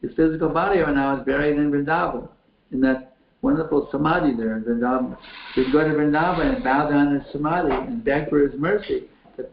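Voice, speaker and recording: Gravelly man over a tinny, echoey line. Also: on the high side, a little fast, slight background noise. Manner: repetitive, folksy, restarts phrases. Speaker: spiritual teacher. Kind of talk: answering questions from a chat window.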